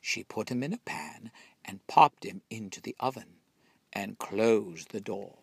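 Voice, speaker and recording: Storybook reader, man, low husky voice, lively melody, very unhurried. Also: dry recording. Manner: slow, expressive storytelling. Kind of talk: reading a children's picture book aloud.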